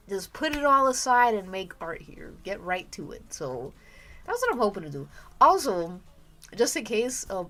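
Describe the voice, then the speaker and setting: A young woman chatting casually on her art stream, rambling and stopping herself mid-sentence, often laughing. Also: medium pitch. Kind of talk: casual live-stream chat. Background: soft background music.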